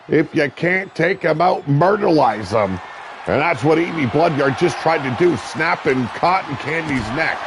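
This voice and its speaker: A man calling a wrestling match as play-by-play commentator, brash and profane, shouting at the big moves. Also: on the high side, noisy background.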